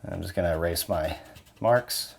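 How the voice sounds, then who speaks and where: A man's voice: deep voice, normal speed, creaky, background noise. A man hosting home repair videos, chatting casually and muttering in an exasperated, self-mocking way while he works outdoors.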